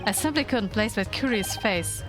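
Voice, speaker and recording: A woman reading a game aloud, voicing a pompous, lordly Victorian gentleman detective with a slow, lowered, grandly polite delivery. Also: lively intonation, over music, natural voice. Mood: aloof.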